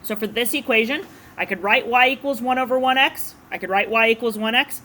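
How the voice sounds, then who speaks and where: Bright-voiced woman math teacher. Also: a little high, fairly quick, slight background noise. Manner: casual, chatty explaining. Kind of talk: classroom lecture. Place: classroom.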